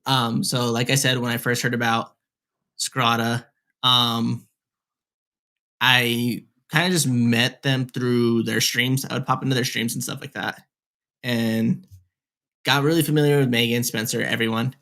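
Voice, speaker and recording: A man's voice: medium pitch, flat delivery, a little slow, sharp tone. A young man co-hosting a podcast, telling a story casually, rambling with lots of fillers, recorded on a headset. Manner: rambling, heavy filler "like, whatever". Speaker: podcast co-host.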